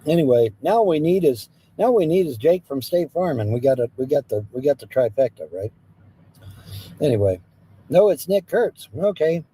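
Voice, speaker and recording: A man's voice: on the high side, big pitch swings, moderate pace, warm tone, slightly rough, low-quality recording. A man hosting a livestream, joking playfully with his viewers and drifting into bits of song. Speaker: livestream host and singer. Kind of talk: casual chat with live viewers.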